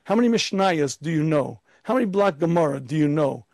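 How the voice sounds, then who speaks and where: A man's voice: fairly high pitch, expressive, fairly quick, darkish tone, no room sound. A man giving an emphatic Torah lecture as a rabbi, firing off rhetorical questions and now and then putting on a pompous, arrogant voice.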